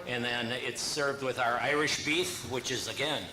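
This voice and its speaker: A man presenting his entry at a food contest, pitching the dish with a light joke. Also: steady tone, moderate pace, roomy sound, a crowd in the background.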